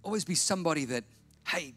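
A man preaching a sermon, emphatic and repetitive, slowing down and softening for effect. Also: medium pitch, lively intonation. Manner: emphatic, repetitive, drops to slow quiet lines for effect. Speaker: pastor.

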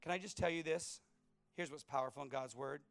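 A middle-aged man preaching a sermon, telling personal stories with animated swings between loud punches and hushed asides. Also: a little high, fairly quick, no echo. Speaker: pastor.

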